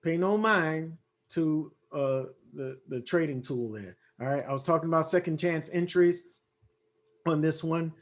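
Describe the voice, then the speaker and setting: A man with a fairly high voice talks through trading charts, thinking aloud as he goes. He stumbles through fillers and restarts and addresses viewers directly. His voice sounds a little worn, as if he is losing it. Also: unhurried. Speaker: forex trading analyst. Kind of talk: casual chart walkthrough.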